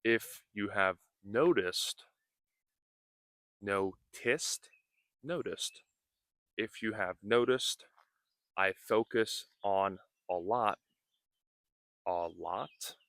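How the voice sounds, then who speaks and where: A man teaching English, speaking slowly and deliberately, repeating words and explaining their meanings. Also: lowish voice, gravelly, fairly bright tone, no room sound, clean studio sound. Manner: repeats words and defines them, very slow and careful. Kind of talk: slow, deliberate English lesson.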